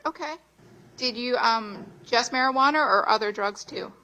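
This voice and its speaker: A woman attorney in a courtroom, questioning a prospective juror in a polite, measured way. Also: fairly high pitch, sharp tone, slight background noise, low-quality recording. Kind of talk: jury selection questioning.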